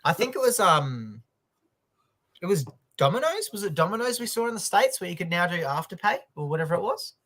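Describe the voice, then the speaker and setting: An Australian man co-hosts a comic news stream, joking and cursing casually. His voice swings widely in pitch as he talks, with an animated rise and fall. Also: a little fast. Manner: lively, joking, swears casually. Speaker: co-host of a news comedy livestream. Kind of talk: casual chat.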